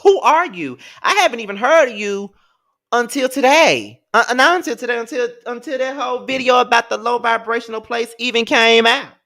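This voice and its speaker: A man's voice: extremely high pitch, moderate pace, bright, forceful tone. A man giving a casual rant as a commentator, sassy, profane and emphatic.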